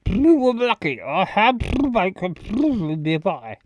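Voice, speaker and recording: A woman's voice: medium pitch, sing-song, unhurried, no room sound, highs cut off. A woman voicing a blunt, teasing best friend in a video game. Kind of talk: game voice acting.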